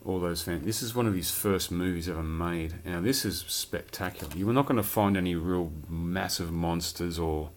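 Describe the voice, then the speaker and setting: A man's voice: sits low, normal speed, hardly any pauses. A man chatting casually and rambling about his film collection, swearing now and then. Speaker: collector showing his films. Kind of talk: casual chat.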